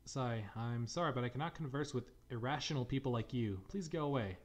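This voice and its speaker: A man's voice: mid-range voice, brisk, dull audio, close to an everyday voice. A man reading a smug, condescending male scientist who analyzes someone like a test subject.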